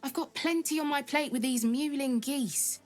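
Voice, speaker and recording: An actress playing a harried, impatient city guard in a fantasy video game. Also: female voice, sits high, moderate pace, soft background music, close to an everyday voice. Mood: exasperated. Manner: exasperated.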